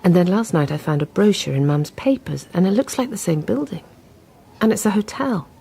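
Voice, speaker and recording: A woman's voice: fairly low pitch, lively intonation, brisk, gravelly, dark tone, breathy edge, full character voice. A young actress playing a daughter tracing family history after her mother vanished, speaking earnestly. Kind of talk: radio drama acting.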